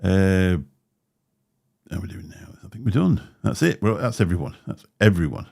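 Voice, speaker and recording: A man's voice: low-pitched, very animated, moderate pace, creaky, a little mellow. A man hosting a livestream, chatting in a rambling way with a slight lisp and frequent laughs. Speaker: livestream host. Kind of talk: casual chat. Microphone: desk microphone.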